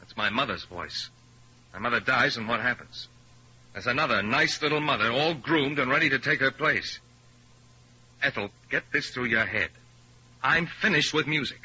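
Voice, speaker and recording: A man's voice: mid-range voice, moderate pace, long pauses, bright, forceful tone, husky. A man playing a bitter young pianist in a 1950s radio drama, talking with scorn and sarcasm. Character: bitter young male pianist rejecting his career. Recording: lo-fi old radio recording.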